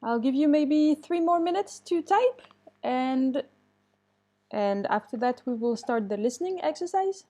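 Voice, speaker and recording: Mellow-voiced woman teaching English. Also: high voice, animated, a little slow. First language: French. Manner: reads student answers aloud and comments kindly; switches to French to correct mistakes. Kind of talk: online class with students.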